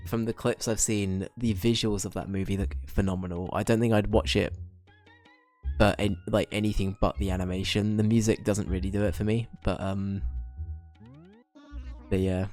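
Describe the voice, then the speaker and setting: Low-voiced young man streaming a game. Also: darkish tone. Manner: rambling, self-mocking, trailing restarts. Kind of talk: casual chat while playing and reading chat.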